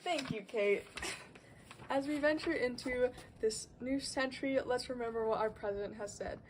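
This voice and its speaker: A woman reads a scripted report as a mock news reporter, steady and fairly high. The recording comes from an echoey room with the mic far off and faint hiss. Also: normal speed.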